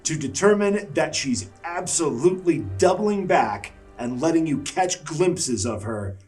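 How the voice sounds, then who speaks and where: Game master, male, higher-pitched, very animated narration, faint music behind. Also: unhurried, recorded from a distance.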